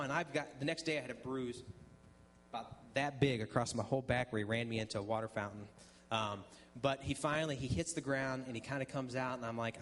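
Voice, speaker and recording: Speaking briskly with a medium pitch and a fairly bright tone, this man is a guest speaker giving his testimony at a church. His storytelling is conversational, full of ums and restarts, and he performs the dialogue in quoted voices. Slight background noise is present.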